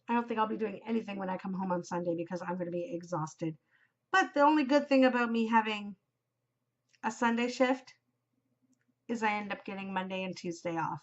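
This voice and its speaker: A woman's voice: on the high side, muffled recording. A middle-aged woman from Canada hosting her own podcast in a casual, chatty, upbeat way, with frequent ums. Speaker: podcast host. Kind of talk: casual solo podcast chat.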